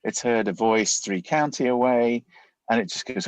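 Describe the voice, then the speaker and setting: Low-voiced man explaining with animated asides. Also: moderate pace, creaky, no room sound, low-quality recording. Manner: animated, acts out inner voices in quotes. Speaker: interview guest, leadership coach. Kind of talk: conversational explanation.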